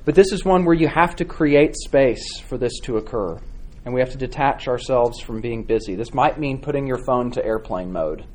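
A man teaching a church class on devotional reading, speaking with frequent pauses, fillers and restarts. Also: mid-range voice, lively intonation. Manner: halting, many fillers and restarts, warm encouraging replies. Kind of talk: Sunday school class teaching.

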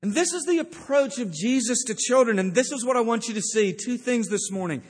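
A man's voice: very high voice, lively intonation, fairly quick, husky, big-room sound. A male pastor preaching a sermon, with emphatic storytelling. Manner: emphatic storytelling with acted-out quotes.

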